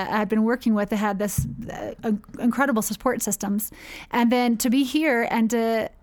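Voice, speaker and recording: Chatty woman, rambling story. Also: a little high. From United States. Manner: chatty, rambling with fillers and restarts. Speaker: charity founder, guest. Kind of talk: casual interview.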